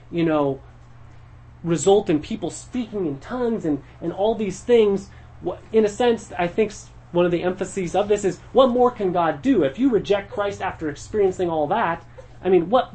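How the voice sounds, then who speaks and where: A man's voice: on the high side, a little mellow, slightly rough. A man teaching a church Bible study in a conversational way, explaining the text verse by verse and thinking aloud as he goes.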